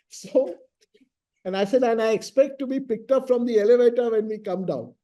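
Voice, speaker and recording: A man's voice: extremely high pitch, moderate pace, dull audio. A middle-aged man with an Indian English accent, a senior lawyer telling anecdotes about his mentor in an interview and acting out the dialogue. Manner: lively raconteur acting out quoted dialogue.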